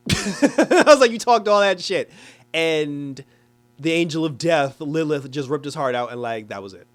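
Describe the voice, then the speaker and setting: A man giving a casual, animated review of a TV episode, talking loosely with lots of "like" and quick laughs. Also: fairly high pitch. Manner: animated, chatty, frequent "like" and laughs; acts out characters in exaggerated quoted voices. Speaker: TV show reviewer.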